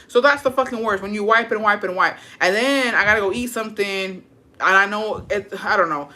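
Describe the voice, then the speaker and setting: A woman's voice: mid-range voice, brisk, sharp tone. A woman telling crude stories in casual chat, laughing often and swearing freely, slipping Spanish words into her English. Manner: crude, profane, laughing storytelling. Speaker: content creator reading viewer stories.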